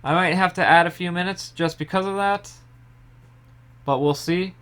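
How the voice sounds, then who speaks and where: Young guy walking you through baking pies in his kitchen, smooth clear voice, kinda high, easygoing. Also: moderate pace. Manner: relaxed step-by-step explaining, trailing off softly. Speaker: home baker. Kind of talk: casual cooking tutorial. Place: home kitchen.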